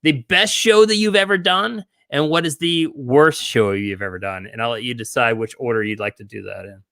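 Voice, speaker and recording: A man's voice: mid-range voice, normal speed, creaky, a bit bright, no echo. A male host of a comedy podcast asking questions in casual chat, hesitant and stumbling over his words.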